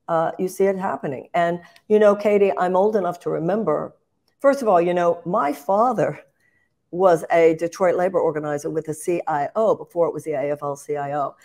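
An older woman talking politics with passion and force. Her low voice has a gravelly, fry-edged grain. She keeps restarting phrases and lifting into emphatic bursts. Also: darkish tone. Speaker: guest, political candidate. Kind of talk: impassioned political commentary.

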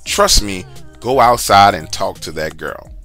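A man's voice: deep voice, animated, measured pace, a bit bright, soft background music, pitched below the performer's own voice, heavily acted. A man quoting his stern but caring mother as she firmly scolds her son in his storytelling. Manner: firm, patient, scolding.

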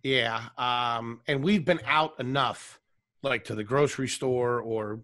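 A man's voice: medium pitch, slow pace, pushed and bright. A man chatting over a video call as a podcast guest, laid-back and jokey, swearing casually. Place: apartment in Queens, video call.

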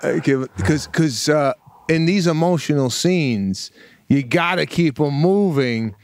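A man on a podcast, spinning a lively, dramatic story and acting out each line he quotes. His voice sits at an ordinary pitch and sounds dry and close to the mic. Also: a little slow, no room sound. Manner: animated, dramatic retelling with acted-out quotes. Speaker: podcast co-host. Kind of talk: casual storytelling chat.

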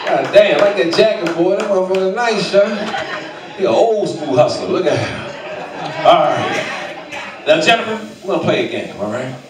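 A man hosting a comedy show, teasing audience volunteers with loud, profane banter from a club stage. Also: sits high, expressive, normal speed. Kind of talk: stand-up crowd work. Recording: echoey club, mic from far, loud crowd.

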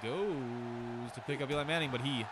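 A man doing casual play-by-play wrestling commentary, excitable and swearing, with joking asides and a voice strained from overuse. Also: mid-range voice, moderate pace, very noisy. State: strained, losing his voice.

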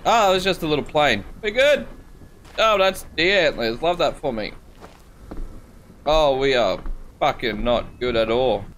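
Playing a horror game, this Australian host of a gaming channel is animated yet unhurried, pausing often, his medium-pitched voice fairly bright over a little hiss or hum. He's jumpy, swears often and jokes to himself.

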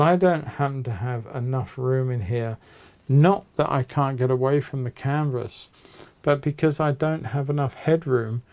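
Male painting tutor, gravelly and warm, relaxed chatty narration while seated at the easel. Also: medium pitch. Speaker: painting teacher. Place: small home studio with a low ceiling.

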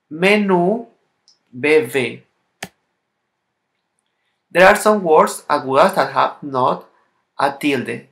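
Slow, bright-voiced man teaching a lesson. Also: medium pitch, gravelly. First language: Spanish. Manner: slow, careful, non-native English, reading out word lists. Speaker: Spanish teacher. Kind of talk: recorded language lesson.

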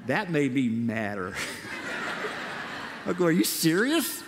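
A male preacher from the United States tells a personal story to his congregation, acting out his own remembered lines with plenty of life. His voice sits a little high. The sound has a long reverb, as in a large church hall. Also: slow pace, background noise. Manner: animated, acts out his own past words. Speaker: missionary speaker. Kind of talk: sermon storytelling. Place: church auditorium.

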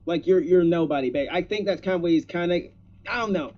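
A man's voice: high-pitched, fast, muffled recording. A man co-hosting a wrestling podcast, joking and mocking in casual chat. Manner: jokey, lively, mocking asides. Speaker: podcast co-host.

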